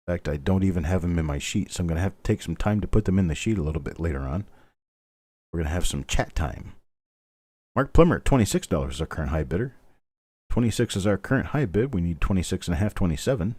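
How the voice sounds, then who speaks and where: Man, middle-aged, auction host, deep mellow voice, dry close sound, steady bid calls with chatty asides. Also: no echo. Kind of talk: live online coin auction.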